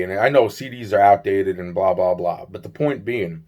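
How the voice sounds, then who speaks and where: A vlogger with a low voice tells a rambling story to the camera at a moderate, mellow pace. He repeats himself, fills gaps with "you know" and "blah blah blah," and swears freely.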